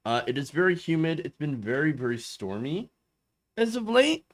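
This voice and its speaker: A man hosting a casual political commentary show, goofy and self-mocking, halting often with fillers. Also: fairly high pitch, very animated. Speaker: host.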